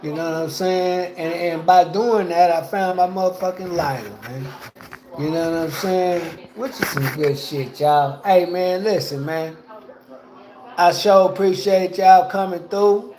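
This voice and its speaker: A man's voice: high voice, fairly even intonation, measured pace, a little mellow, echoey room, poor audio. A man livestreaming from home in a rambling, repetitive, slangy way. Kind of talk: casual livestream talk. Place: at home indoors.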